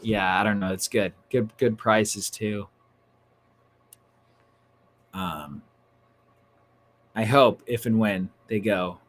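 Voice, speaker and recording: Excitable chatty man on a livestream. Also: on the low side, slow pace, long pauses. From Northern California. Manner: chatty, excitable, full of slang like "dude" and "bro". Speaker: livestream host. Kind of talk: casual livestream chat.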